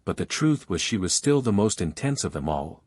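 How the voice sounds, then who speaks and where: Male narrator, first-person romance story, fairly low voice, steady flowing delivery, dry close sound. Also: normal speed, husky, no room sound. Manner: flowing, steady storytelling in long run-on sentences.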